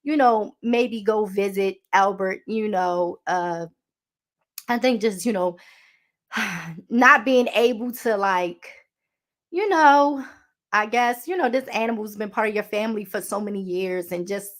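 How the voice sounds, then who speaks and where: A woman's voice: mid-range voice, measured pace. A woman with a Baltimore accent hosting a podcast, chatting casually and reading a law aloud, sassy and calling listeners honey. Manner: chatty and sassy, calls listeners honey, stumbles over words. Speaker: podcast host.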